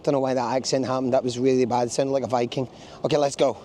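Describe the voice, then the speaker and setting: A man's voice: medium pitch, little pitch movement, fast, dark tone, slight background noise. A man with a Scottish accent vlogging casually outdoors in a small town, chatty and jokey, rambling as he walks. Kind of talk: casual travel vlog to camera.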